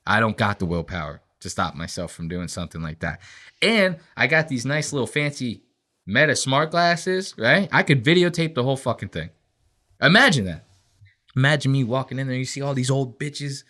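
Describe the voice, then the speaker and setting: Podcast guy ranting and swearing, bright voice that jumps all over. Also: medium pitch, sing-song, normal speed. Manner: profane, ranting, acts out quotes in voices. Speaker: podcast host. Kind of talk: casual podcast rant.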